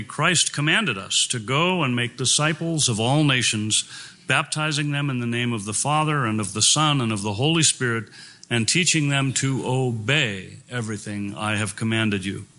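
A man's voice: medium pitch, moderate pace, sharp tone. A man preaching a sermon, reading scripture aloud and speaking in an earnest, emphatic way.

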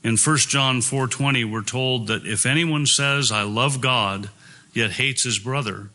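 Man, sermon, earnest emphatic preaching, bright forceful tone. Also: medium pitch, measured pace.

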